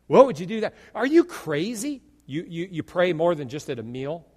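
Male preacher, lively sermon, high voice, swinging pitch, long hall reverb. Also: normal speed, slightly rough. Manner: animated, acts out imagined dialogue and jokes. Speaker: pastor.

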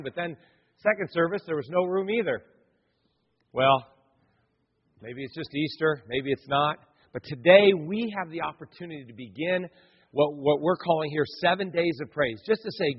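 A man's voice: a little high, expressive, normal speed, breathy edge. A pastor preaching a sermon in a conversational way, asking his listeners many rhetorical questions. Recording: long reverb, dull lo-fi sound.

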